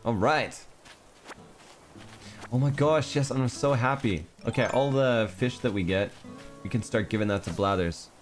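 A man's voice: mid-range voice, a little slow, long pauses, faint music behind. A young man streaming a cartoon life game, chatting casually and thinking aloud as he plays. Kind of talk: casual gameplay commentary.

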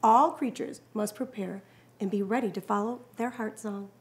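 A woman voicing a calm, gentle mother deer, speaking softly in a storybook read-aloud. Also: medium pitch, normal speed, close to an everyday voice. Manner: soft, quiet.

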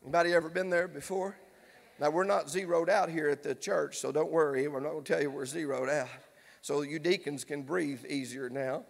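A man, a pastor preaching a fervent sermon that builds to shouting in a church sanctuary. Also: fairly high pitch, fairly even intonation, a little fast, creaky. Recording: long church hall reverb.

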